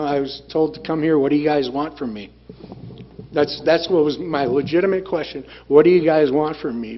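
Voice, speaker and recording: A man sharing his recovery story at a group meeting, plain-spoken and blunt, repeating phrases for emphasis. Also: a little high. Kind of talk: personal testimony talk. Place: meeting room. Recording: dull lo-fi room recording with faint noise.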